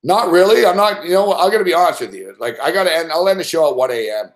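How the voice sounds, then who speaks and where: Profane, rambling late-night show host. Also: male voice, a little high, lively intonation, fast. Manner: profane, rambling, swears constantly. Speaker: host of a sports betting show. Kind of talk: late-night live stream rant.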